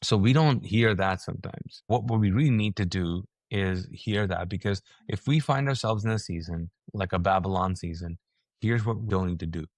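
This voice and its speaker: A man's voice: moderate pace, no echo. A man, a pastor and author, talking as a guest in a casual, preaching way and acting out quoted reactions. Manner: energetic, acts out quoted reactions with rising pitch. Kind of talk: animated conversational preaching.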